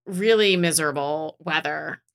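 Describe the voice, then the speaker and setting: A woman co-hosting a casual podcast, quick to agree, joke along and finish her partner's lines. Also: low voice. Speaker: podcast co-host. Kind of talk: casual chat.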